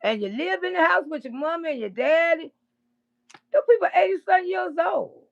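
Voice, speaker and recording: A woman doing casual livestream commentary, blunt and profane, with loud bursts of laughter. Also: very high voice, lively intonation, brisk, creaky, lo-fi sound.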